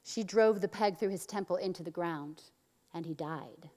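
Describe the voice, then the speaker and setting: A woman pastor preaching a sermon and telling a story, acting out the quotes with big swings from loud to soft. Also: on the low side, moderate pace, long reverb tail. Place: church.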